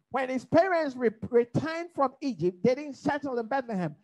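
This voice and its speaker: A woman teaching a Bible study in preaching style, lively and humorous, asking the listeners to fill in her words. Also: high-pitched, moderate pace, low-quality recording. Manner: rhetorical call-and-response questions; lively, humorous, mimics accents.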